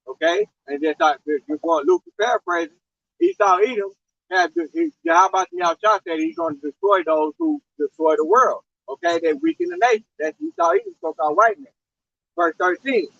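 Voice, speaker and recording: A man's voice: high voice, very animated, moderate pace, gravelly, a bit bright, no echo. A man reading scripture aloud and explaining it, punctuating points with "okay?", on a lo-fi recording. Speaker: preacher.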